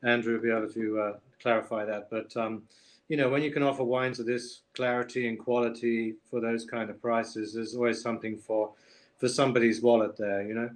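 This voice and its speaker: A man's voice: mid-range voice, little pitch movement, fairly quick. Man, easygoing wine importer, friendly, video call. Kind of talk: casual chat on a video call.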